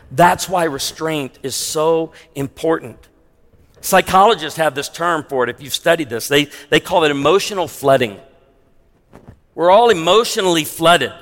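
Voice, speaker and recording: A pastor preaches a sermon in a slightly high, animated, somewhat bright voice at a measured pace. He stays conversational and adds humorous asides, with long hall reverb on the recording.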